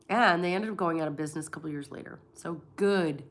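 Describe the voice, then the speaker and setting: A Florida woman in her forties with a cold hosts a casual livestream, telling blunt, profane stories and acting out what people said. Her voice sits low and moves fast, with hardly any pauses.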